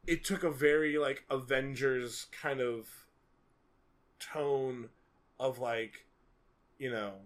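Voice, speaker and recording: A man's voice: mid-range voice, fairly even intonation, slow, long pauses. A man co-hosting a podcast, talking about movies in a casual, rambling way, with many fillers and lots of animation. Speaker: podcast co-host. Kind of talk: casual film discussion.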